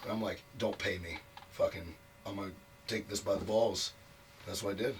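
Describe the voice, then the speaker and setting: A man's voice: on the low side, steady tone, normal speed, far from the mic. A man telling a long career story as an interview guest, frank and profane, packing his talk with "like" fillers. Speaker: wrestler guest. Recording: voice a bit off mic, faint noise.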